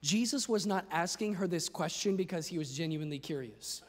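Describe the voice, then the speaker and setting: A male pastor preaching a sermon with impassioned delivery, at times rising to a shout. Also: on the high side, fairly quick. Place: large church hall. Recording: long reverb of a large church hall.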